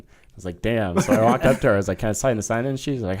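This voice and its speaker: A man's voice: fairly low pitch, steady tone, fast, a little mellow. A young man co-hosting a casual podcast, telling stories in a rambling way. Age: young adult. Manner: rambling storyteller, restarts and fillers. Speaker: podcast co-host. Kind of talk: casual chat.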